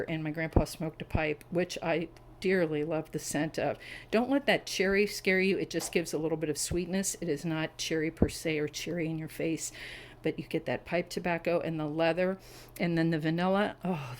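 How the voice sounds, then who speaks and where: A middle-aged woman talks casually to a camera on a tripod at home, her voice sitting a little low. She gushes over details with warm enthusiasm. A faint hum of room ambience lies under her voice. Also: low-quality recording. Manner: chatty and enthusiastic, savoring scent descriptions. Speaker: wax melt reviewer. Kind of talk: casual product review vlog.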